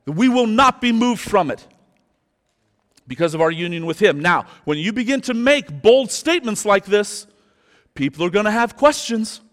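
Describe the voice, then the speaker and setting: Pastor type, male, high voice, emphatic sermon delivery, big church reverb. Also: lively intonation, a bit bright. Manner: emphatic preaching, slows down for stress. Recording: long hall reverb.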